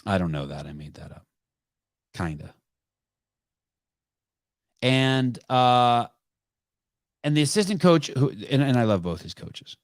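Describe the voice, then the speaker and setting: A man's voice: medium pitch, big pitch swings, measured pace, long pauses, dry recording, clean studio sound. A middle-aged man hosting a podcast, telling a rambling family story with asides and self-corrections. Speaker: podcast host. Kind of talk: casual live call-in chat.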